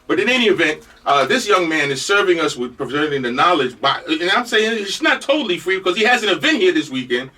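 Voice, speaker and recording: A senior man hosting talk radio in a New York Jamaican accent, rattling along fast in a high, bright voice. He has a cold and rambles with jokes. The mic sits a bit away from him. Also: big pitch swings, far from the mic. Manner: loose, joking, rambling. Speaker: radio host. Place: radio studio.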